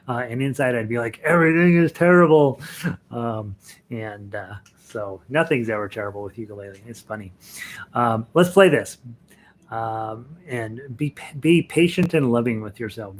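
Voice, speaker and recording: A man's voice: mid-range voice, slight background noise. Chatty man leading a ukulele class. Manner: chatty and encouraging, laughs often, counts in the songs. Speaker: ukulele group leader. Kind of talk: casual online music class.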